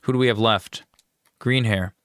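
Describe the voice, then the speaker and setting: A man's voice: fairly low pitch, steady tone, normal speed, fairly bright tone, clear, resonant tone, no echo. A man hosting a gaming channel, chatting casually and easily over a let's-play, with fillers.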